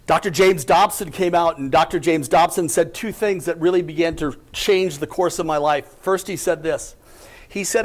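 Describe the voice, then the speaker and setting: Man, inspirational speaker, somewhat high voice, storytelling, asks rhetorical questions. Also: normal speed. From United States. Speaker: company president giving a talk. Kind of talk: inspirational speech.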